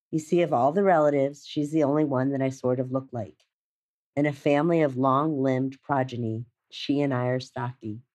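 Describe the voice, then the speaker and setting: Woman in her 50s, deep low voice, reading a personal essay, thoughtful and a bit wry. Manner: reflective, measured, gently wry. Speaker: narrator.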